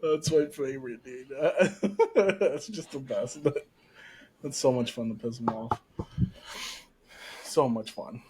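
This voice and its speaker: A man's voice: mid-range voice, slow pace, long pauses, noisy background. A man co-hosting a podcast who jokes about teasing his wife and laughs often in casual chat. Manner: laughs often, joking and playful. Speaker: podcast co-host.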